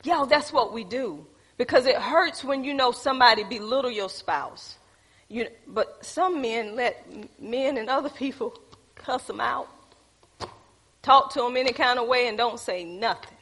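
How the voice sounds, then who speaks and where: A woman's voice: fairly high pitch, a little slow, fairly bright tone, slightly rough. A woman teaching a church group, preachy and calling on the audience. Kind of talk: teaching talk with congregation.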